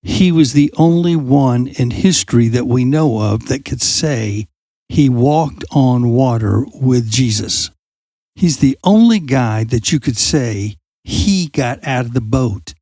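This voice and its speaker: A man hosting a youth ministry podcast, telling a Bible story with lively energy and acting out quoted lines in a raised voice while putting questions straight to his listeners. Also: medium pitch, no echo. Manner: animated storyteller who acts out quoted lines loudly; asks listeners direct questions. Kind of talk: conversational faith talk.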